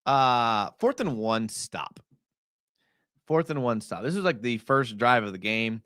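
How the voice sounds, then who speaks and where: Excitable man breaking down game film. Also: medium pitch, a little slow, clear, resonant tone, dry recording, clean studio sound. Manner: chatty, filler-heavy, excitable. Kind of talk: casual live-stream film breakdown.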